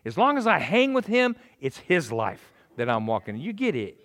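Lively, animated male preacher. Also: a little high, normal speed. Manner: animated, jokey, acts out voices. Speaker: pastor. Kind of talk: sermon.

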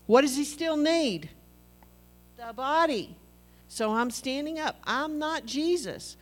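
A middle-aged woman's voice, pitched a little high, carries an animated, conversational sermon in which she acts out little dialogues with her husband.

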